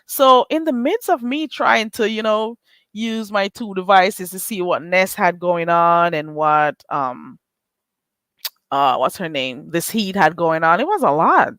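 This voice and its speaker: A woman's voice: on the low side, lively intonation, measured pace, a bit bright, dry recording. A middle-aged woman, hosting a casual live stream, teasing and sarcastic as she greets her chat and laughs often.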